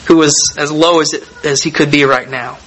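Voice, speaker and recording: A man preaching a sermon, reading scripture aloud and explaining it in a measured, deliberate way with emphatic pauses. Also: a little high, fairly even intonation, a bit bright, low-quality recording.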